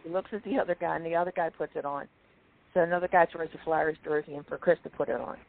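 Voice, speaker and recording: A woman's voice: sits low, fast. Woman telling anecdotes over a phone line. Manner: animated anecdotes, quoting others, frequent throat clearing. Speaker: guest telling stories. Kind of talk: casual storytelling on a call-in chat.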